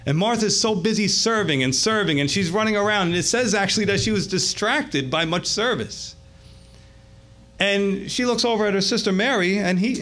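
A man pastor gives a sermon in a chatty, animated way. His voice sits a little on the high side. He keeps checking in with the congregation as he goes. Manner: conversational, animated, addresses listeners as gang.

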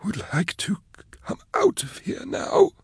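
A man's voice: sits high, wildly swooping pitch, measured pace, creaky, breathy edge, no echo, clean studio sound, pitched above the performer's own voice, heavily acted. A man voicing a ravaged, timid male prisoner who stutters and strains to form words. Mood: pleading. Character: broken, stammering old male prisoner.

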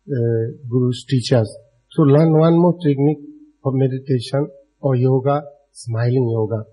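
A man's voice: medium pitch, dark tone, husky, low-quality recording. A man giving a dharma talk to a live audience in non-native, broken English, speaking directly to his listeners and chuckling often. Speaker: Buddhist dharma teacher.

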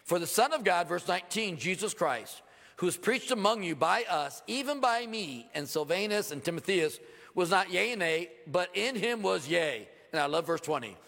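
A middle-aged man preaching a sermon in a church sanctuary, his high voice roughened by a gravelly edge. He preaches animatedly and slips into quoted voices with sudden swings of pitch. A long hall reverb trails every phrase. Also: lively intonation, normal speed, fairly bright tone. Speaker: pastor.

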